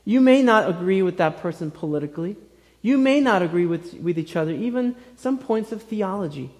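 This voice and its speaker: A man in his thirties preaching a sermon as pastor, earnest and gentle, speaking in short phrases with many pauses. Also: high-pitched, expressive. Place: church sanctuary. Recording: reverberant church hall.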